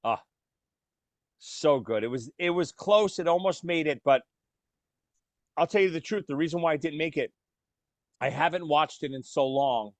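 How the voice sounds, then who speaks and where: A man's voice: a little high, normal speed, pauses often, no room sound. A man co-hosting a casual podcast, talking animatedly about films and acting out lines. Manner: animated, swears casually, acts out movie lines. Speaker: podcast co-host. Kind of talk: casual chat.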